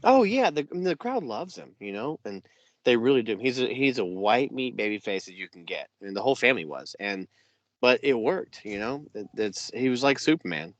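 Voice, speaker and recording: A man's voice: medium pitch, big pitch swings, normal speed, dry recording. A man co-hosting a casual podcast, eagerly recounting a wrestling match blow by blow, with plenty of "you know" and "yeah.". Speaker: podcast co-host.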